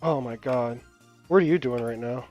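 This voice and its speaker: Here the same kind of young male gamer talks at a normal speed, his medium-pitched voice slightly mellow, as he meanders through profane, filler-heavy anecdotes and laughs along the way. Behind the dry, dull lo-fi recording, game music plays.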